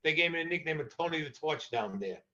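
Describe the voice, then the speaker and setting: Blunt, profane storyteller man, bright tone. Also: on the high side, lively intonation, fast talker. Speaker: podcast guest. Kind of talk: casual storytelling. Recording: dull lo-fi audio.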